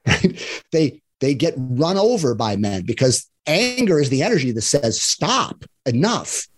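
Speaking unhurriedly at medium pitch with big swings in intonation, a man who coaches people through divorce and love chats earnestly on a casual podcast. He explains, performs examples in different voices, and often asks "right?"

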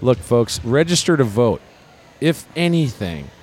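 A man co-hosting and calling a basketball game courtside in a warm gym, teasing and mock-serious, speaking into a portable recorder. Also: medium pitch, sing-song, a little slow, breathy edge. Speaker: co-host and courtside announcer. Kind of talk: joking play-by-play commentary.

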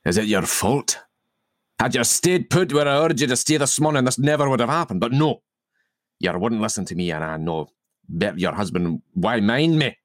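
A man reading the part of an angry young Highland husband who scolds his wife, in a put-on Scottish accent. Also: lively intonation, normal speed, dry recording, studio quality, close to an everyday voice. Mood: furious.

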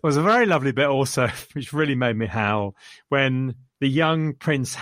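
A man's voice: medium pitch, expressive, normal speed, fairly bright tone, dry recording, clean studio sound. A man chatting casually about a film he enjoyed, rambling enthusiastically and quoting lines. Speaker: podcast co-host reviewing a film. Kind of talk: casual chat.

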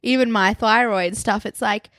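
A young woman co-hosting a casual podcast, bubbly and animated, full of "like" fillers, close to the microphone. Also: fairly high pitch, normal speed, no room sound. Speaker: podcast co-host. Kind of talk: casual chat.

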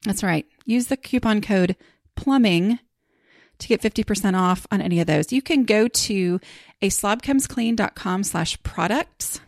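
Gravelly-voiced chatty woman podcast host. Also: mid-range voice, unhurried, dry recording, studio quality. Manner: rambling, chatty, many fillers and restarts. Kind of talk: casual chat.

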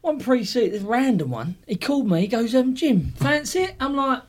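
A man's voice: very high voice, a little fast. A man hosting a podcast, telling a casual anecdote with plenty of swearing. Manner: animated, swearing storyteller. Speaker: podcast host, former footballer. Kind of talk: casual chat.

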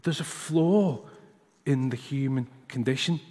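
A man's voice: mid-range voice, a little slow, darkish tone, in a large hall. A man preaching a sermon and telling a personal story, sometimes acting out his young son's questions. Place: church hall.

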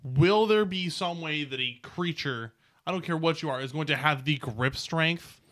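A man running a tabletop game as game master, narrating the action dramatically and slowing down for big moments. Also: on the high side, a bit bright.

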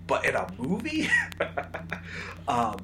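A man co-hosting a casual movie review podcast, animated and acting out scenes as he talks. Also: mid-range voice, extremely slow, background noise. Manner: animated, acts out scenes in bursts. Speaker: podcast co-host.

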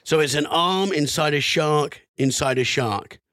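A man's voice: fairly high pitch, a little slow, a bit bright, dry recording, clean studio sound. A man co-hosting a casual podcast, reading out an odd history story with amused, swearing asides. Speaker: podcast co-host.

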